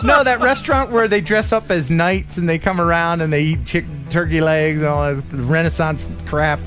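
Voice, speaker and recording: A middle-aged man hosting a live stream, telling stories in a joking, animated way. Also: on the high side, moderate pace, faint music behind. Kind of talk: casual live-stream chat.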